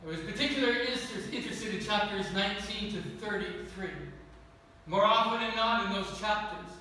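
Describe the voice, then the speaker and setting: A male pastor preaching with a high, bright, ringing voice. He tells a personal story and climbs to emphatic peaks. He sounds set back from the microphone, with long reverb in a large church sanctuary. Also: steady tone, fairly quick, slight background noise. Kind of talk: sermon. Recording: echoey church hall from far off.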